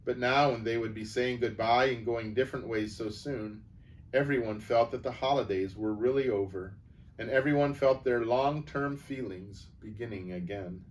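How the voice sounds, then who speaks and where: A man calmly reading a children's novel aloud as storyteller. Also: medium pitch, normal speed. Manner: calm, even storybook reading. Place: church setting. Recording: distant mic, faint background noise.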